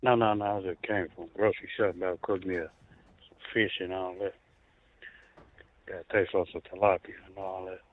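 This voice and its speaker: A man's voice: sits low, little pitch movement, a little fast, pauses often. A man calling in to a radio show, talking in a laid-back, insistent way. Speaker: caller. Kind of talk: phone call-in chat. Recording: tinny dry phone line.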